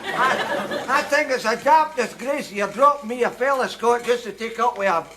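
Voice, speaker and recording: A man's voice: very high voice, moderate pace, a loud crowd. An actor playing a boastful, blustering Scottish man in a TV sketch, with a Scottish accent and indignant banter. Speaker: comic sketch character. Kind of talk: 1980s TV sketch comedy acting. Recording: hissy old TV broadcast audio.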